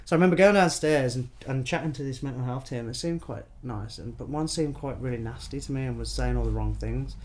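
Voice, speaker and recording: A man's voice: medium pitch, fast, hardly any pauses. A young man telling a story. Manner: animated, swears freely, lots of fillers. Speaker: podcast guest. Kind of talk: casual storytelling chat.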